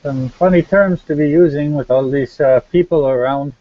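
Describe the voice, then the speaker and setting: A man's voice: a little high, moderate pace, no room sound, close to an everyday voice. A man voicing a folksy older male werewolf with a mild way of talking. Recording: dull lo-fi voice chat.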